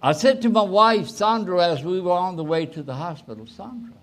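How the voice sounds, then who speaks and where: A man in his eighties, a pastor telling a personal story in a sermon, rising suddenly and trailing off softly. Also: high-pitched, animated. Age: 80s. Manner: slow, with sudden rises and soft trailing endings.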